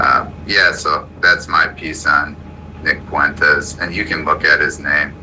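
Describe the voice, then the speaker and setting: A man's voice: rumbling low, steady tone, slow, over music, rough recording. A male host giving blunt, opinionated commentary in a live audio chat room, with frequent stumbling restarts. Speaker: show host.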